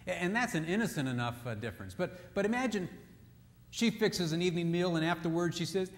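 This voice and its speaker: A man's voice: sits high, expressive, fairly quick. A man giving a humorous marriage seminar talk, telling stories and acting out the quotes in them, with scripture mixed in. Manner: jokey storyteller who acts out quotes. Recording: echoey hall.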